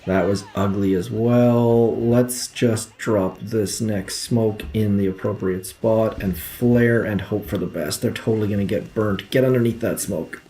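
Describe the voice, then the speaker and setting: A young man with a somewhat low voice talks through his game in a casual, self-deprecating way, muttering frustrated asides. Faint room noise sits under his home mic. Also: fairly even intonation, measured pace, few pauses, warm tone. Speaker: gameplay commentator. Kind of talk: casual gameplay commentary.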